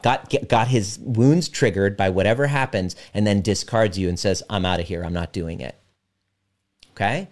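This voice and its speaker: A man working as a relationship coach, talking directly and emphatically to a live audience and slowing down to guide a visualization. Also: on the low side, a little mellow.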